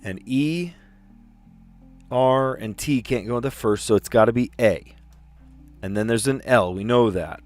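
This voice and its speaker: A middle-aged man hosting a casual live stream, thinking aloud through a word puzzle, excitable and self-mocking. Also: mid-range voice, a little slow, long pauses, faint music behind.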